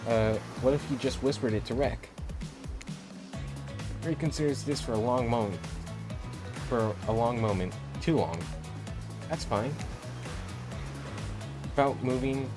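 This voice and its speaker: Brief: playful male streamer, mid pitch, reads every part, music bed. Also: unhurried, long pauses. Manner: playful, joking, frequent self-corrections. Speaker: game streamer reading all parts. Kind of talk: casual game playthrough commentary.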